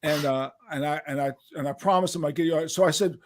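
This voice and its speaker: An older man, a musician guest, telling animated stories over a video call, acting out voices with many restarts. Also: on the high side, fast. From United States. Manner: lively, acts out quotes, many restarts. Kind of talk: animated storytelling.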